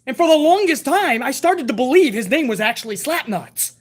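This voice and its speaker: A man talking on a live stream in a loose, casual way, swearing often and thanking viewers by name. His banter is relaxed and conversational, speaking straight to his audience. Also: extremely high pitch, a little fast. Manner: profane, laid-back banter, reading viewer messages.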